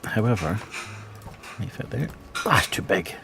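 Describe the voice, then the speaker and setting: A man's voice: fairly low pitch, sing-song, moderate pace, vocal fry, music in the background. A man streaming a game from home, casually muttering to himself and chatting with viewers, swearing now and then. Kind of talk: casual gaming stream chat.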